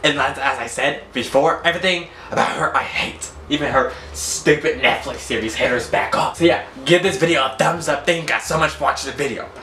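A man's voice: fairly high pitch, brisk, hardly any pauses, sharp tone. A teenage boy hosting a reaction video, mocking and talking back at the clip in a blunt, casual way. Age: teens. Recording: echoey room, faint background hiss.

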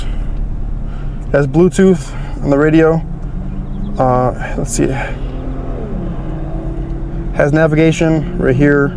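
A man's voice: a little high, background noise. A young man hosting a car channel, giving an easygoing, chatty walkthrough of his car's features.

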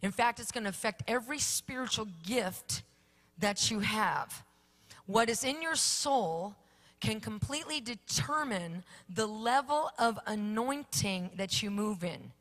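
A woman's voice: fairly high pitch, animated, unhurried, fairly bright tone. A woman preaching a sermon with an emphatic, repetitive cadence.

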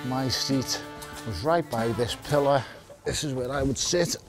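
Man, Scouse accent, blunt and passionate, mid-pitched voice, music playing underneath. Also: unhurried. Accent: Liverpool (Scouse). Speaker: football fan on a stadium tour. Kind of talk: casual documentary chat.

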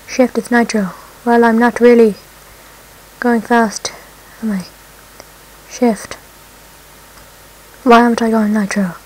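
A woman giving casual let's-play commentary, excitable, swearing often and breaking into squeals and whoops. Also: a little high, rough recording. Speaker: gameplay commentator.

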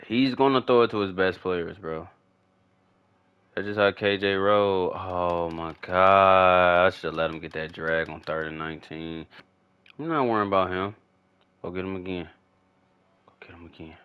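A young man commentating his own football video game as he plays, slangy and swearing, often shouting with excitement. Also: low voice, unhurried, clean tone. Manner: trash-talking, swearing, hyped shouts; slangy, repetitive casual speech. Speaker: gaming YouTuber. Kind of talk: live gameplay commentary.

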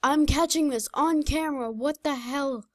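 A young woman chatting casually while playing a game, excitable, blurting out reactions and laughing. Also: high voice, normal speed, no room sound, clean studio sound. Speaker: gamer. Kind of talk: casual gaming chat.

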